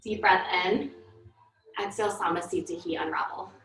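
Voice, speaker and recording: A woman teaching a live online yoga class, cueing breaths and poses in a calm, paced way while out of breath. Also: medium pitch, normal speed. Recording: echoey room from far off.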